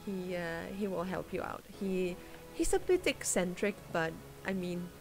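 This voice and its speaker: Woman playing a quest-giver, rpg figure, halting, giggly, lowish voice, unhurried. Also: big pitch swings, darkish tone, soft background music. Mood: cheerful. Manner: hesitant, full of ums, giggly. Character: cheerful young woman employer hiring adventurers.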